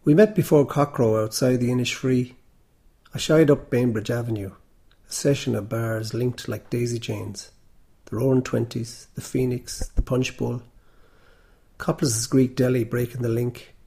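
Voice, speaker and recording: A man from Tipperary tells a first-person story, with a wry, measured delivery. His voice is gravelly and husky, with a dark, mellow tone. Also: mid-range voice, steady tone. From Tipperary, Ireland.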